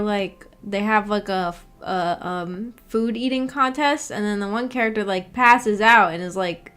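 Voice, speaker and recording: A woman's voice: mid-range voice, a bit bright. Giggly, rambling woman streamer. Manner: rambling, giggly, self-correcting. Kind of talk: casual livestream chat.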